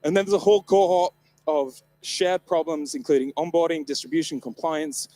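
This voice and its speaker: A man's voice: on the high side, fairly even intonation, normal speed, dark tone. A man from the north of England giving a comedic keynote talk on stage at a live event, irreverent, joking and swearing freely. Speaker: conference presenter.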